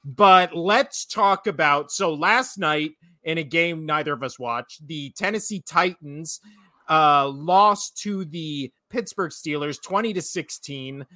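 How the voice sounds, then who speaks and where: Co-host type: man in his thirties, bright, slightly higher voice, dry close sound, jokey and rambling. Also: takes it slowly, no room sound. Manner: joking, rambling, laughs often. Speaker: podcast co-host. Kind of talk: casual sports podcast chat.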